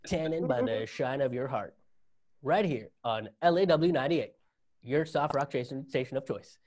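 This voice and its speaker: A male comedian voicing a cheesy soft-rock radio DJ with breezy announcer patter. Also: mid-range voice, normal speed, lightly acted.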